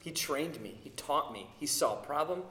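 A man in his thirties preaches in an echoey church hall, his voice bright and forceful. He slips into animated storytelling and acts out the lines of the people he quotes. His pitch sits a little high for a man. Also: normal speed. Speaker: pastor. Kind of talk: sermon.

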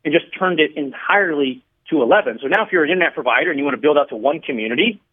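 Guy on a radio call-in, kinda high-ish voice, tinny phone sound, calm and explains stuff step by step. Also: breathy edge. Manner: measured, explanatory, tells stories to make points. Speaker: radio guest, regulatory commissioner. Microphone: phone line.

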